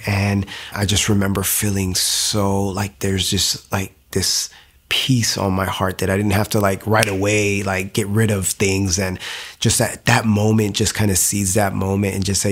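A young man shares his personal testimony in loose, casual storytelling. His fairly low voice jumps up high when he acts out what others said, and he leans on fillers as he goes. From Latino, US. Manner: animated, many fillers like "like", voices quotes of others. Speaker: speaker giving testimony.

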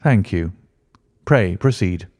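A man voicing a sharp, composed male detective who speaks in a measured, formal way. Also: deep voice, expressive, no echo, voice pushed down, heavily acted. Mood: attentive.

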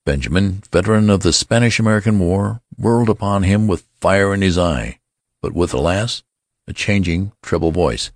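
A man reading a story aloud as narrator, with expressive storytelling. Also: low-pitched, normal speed, no echo, studio quality. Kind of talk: scripted audiobook narration.

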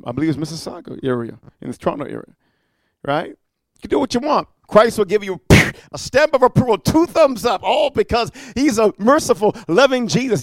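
A middle-aged preacher man with a high voice, heard close and dry with no room around him. He tells his stories in a low murmur, then climbs into loud, pressing exhortation, peppering his lines with "amen" and "huh?". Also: dry recording. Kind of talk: fiery sermon.

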